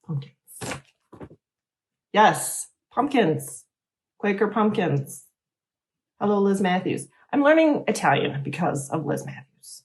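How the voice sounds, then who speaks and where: A middle-aged woman hosting a casual crafting show, chatting in a rambling, animated way. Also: mid-range voice, measured pace, long pauses. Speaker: host. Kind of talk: casual chat.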